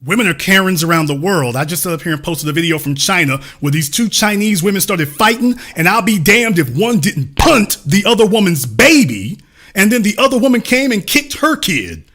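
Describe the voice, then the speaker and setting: A man's voice: high-pitched, sing-song, a little fast, a bit bright. A man hosting a heated podcast debate, combative, interrupting and repeating "sir". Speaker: host.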